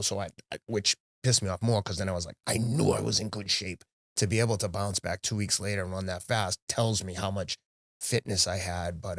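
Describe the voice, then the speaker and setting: Man, middle-aged, low-ish voice, candid, animated storyteller, dry close sound. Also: no echo. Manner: candid, animated storyteller who quotes himself. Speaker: podcast guest, marathon runner. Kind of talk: casual podcast conversation.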